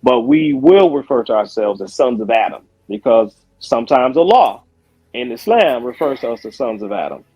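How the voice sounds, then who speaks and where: A man taking part in a casual spoken debate over a video call, talking in loose asides and quick self-corrections. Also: mid-range voice, very animated, dark tone, breathy edge, dry recording, low-quality recording. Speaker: Muslim guest in a debate.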